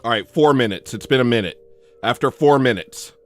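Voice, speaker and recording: Animated, sardonic man hosting a livestream. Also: brisk, faint music behind. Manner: animated, swings between low mutters and raised outbursts. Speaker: livestream host. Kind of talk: casual livestream chat, reading and answering chat.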